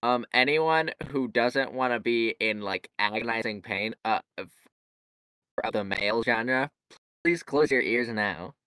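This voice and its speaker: A man's voice: medium pitch, unhurried, sharp tone, clear, resonant tone, no room sound. A man co-hosting a comedy podcast, rambling and jokey with lots of fillers and restarts. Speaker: podcast co-host. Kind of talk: casual chat.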